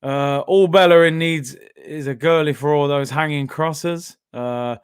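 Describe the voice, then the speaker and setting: High-voiced excitable man. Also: measured pace, clear, resonant tone, no echo, studio quality. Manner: excitable, slangy, bursts into shouts. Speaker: host of a football watchalong. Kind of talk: live reactive commentary.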